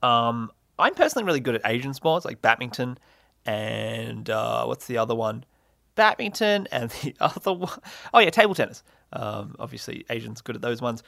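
A man's voice: medium pitch, very animated, moderate pace, gravelly, bright, forceful tone, no room sound, studio quality. A young man hosting a solo comedy podcast, rambling and self-mocking with lots of fillers and laughs. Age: young adult. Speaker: podcast host.

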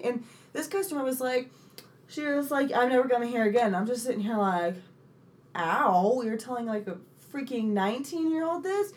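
Animated, ranting young woman. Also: fairly high pitch, fairly quick. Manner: animated storytelling, swears freely, acts out quoted people. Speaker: podcast co-host. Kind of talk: casual chat.

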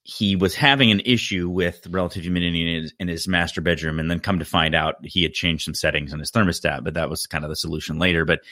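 Deep-voiced man explaining HVAC know-how. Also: steady tone, quick pace, few pauses, bright, forceful tone, dry recording, clean studio sound. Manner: explanatory, practical, self-correcting. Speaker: HVAC contractor. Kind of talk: podcast technical talk.

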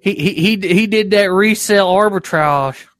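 A man hosts a casual live show with his friends. His voice sits somewhat high and sounds dry and close to the mic. He teases the others and plays at being offended, laughing a lot. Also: moderate pace, fairly bright tone, no room sound, soft background music. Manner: teasing, mock-offended, laughs often. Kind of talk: casual joking chat.

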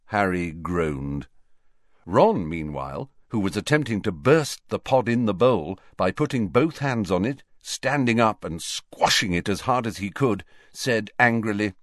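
A man with a lowish voice reads a novel aloud, telling the story with lively, expressive rises and falls. He is recorded close to the mic in a dry, dead space with no echo. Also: measured pace. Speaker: audiobook narrator. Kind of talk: audiobook narration.

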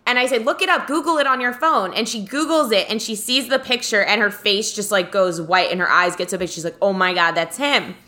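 A podcast co-host with a bright, clear voice tells a story in casual chat. She gets animated and acts out the lines of the people she quotes. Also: medium pitch, fairly quick, hardly any pauses.

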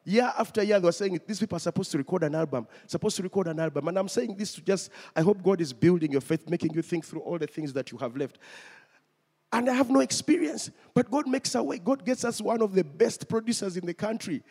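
High-voiced male preacher in a reverberant hall. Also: expressive, fairly quick, a little mellow, breathy edge. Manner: storytelling, speaks to the congregation directly. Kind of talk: sermon testimony.

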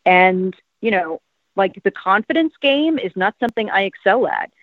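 A South Jersey actress in her fifties rambles through a casual interview, her talk packed with "like" and "um." Her medium-pitched voice is expressive and moves at a normal speed. The dry recording sounds tinny, almost like a phone line.

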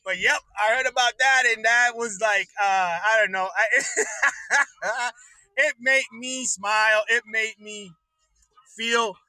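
A man with a very high, piercing voice rants on his own livestream, swearing freely and laughing between his jabs. The sound is close and completely dry, with no room around it. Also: takes it slowly, sharp tone, dry recording, low-quality recording. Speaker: livestream host. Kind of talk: profane political rant.

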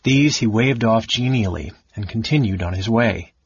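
A man narrating an audiobook in a measured storytelling manner. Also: on the low side, breathy edge, no echo. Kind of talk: scripted narration. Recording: dull lo-fi recording.

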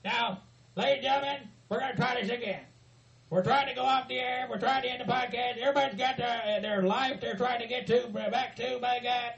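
A man hosting a podcast, ranting and cursing in a comedic wrestling-promo style with shouted threats. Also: extremely high pitch, fairly even intonation, a little fast, highs cut off, crowd noise. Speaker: podcast host.

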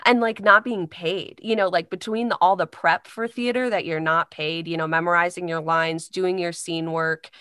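A woman's voice: on the low side, steady tone, moderate pace, few pauses, a bit bright, smooth, no echo, studio quality. A young woman from Indiana, a voice-over artist, talking as a guest in a casual interview, chatty and full of fillers. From Indiana, United States. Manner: chatty, many fillers like "like" and "you know".

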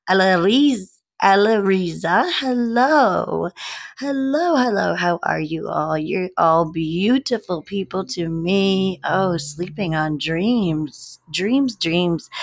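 Woman, young adult, livestream host, casual chat, giggly, drawn-out greetings, lowish voice, slow pace, phone at home.

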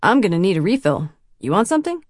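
A woman's voice: mid-range voice, sing-song, quick pace, no room sound, clean studio sound. A woman voicing a crude, tipsy teenage boy at a party who rambles in slang, peppered with "like".

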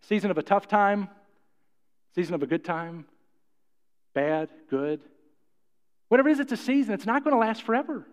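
Folksy high-voiced preacher in an echoing hall. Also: male voice, expressive, moderate pace, pauses often. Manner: folksy, jokey, repeats himself, asks the congregation questions. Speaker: pastor. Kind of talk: sermon. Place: church hall. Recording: muffled, with long hall reverb.

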